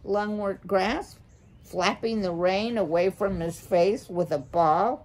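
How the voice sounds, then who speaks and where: A woman reading a children's novel aloud slowly and carefully. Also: fairly low pitch, a little mellow. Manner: slow, careful read-aloud. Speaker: storybook reader.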